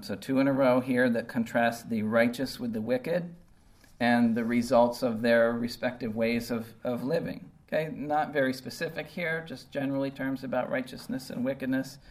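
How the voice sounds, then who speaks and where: Brief: male Bible teacher, mid pitch, relaxed conversational delivery, often checks in with listeners. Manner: conversational, checks in with "okay?" and "right?". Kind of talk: casual verse-by-verse Bible teaching.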